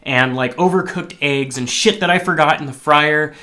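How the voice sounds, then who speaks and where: A man's voice: on the high side, normal speed, sharp tone. Profane candid man telling a story. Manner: candid, profane, rambling with restarts. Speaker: line cook. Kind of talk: casual personal storytelling.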